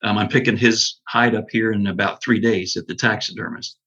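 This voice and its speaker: Husky-voiced man, earnest storyteller. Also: lowish voice, fairly quick, lo-fi sound. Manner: earnest, animated storyteller with many restarts. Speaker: podcast guest, bow hunter. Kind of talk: storytelling in casual conversation.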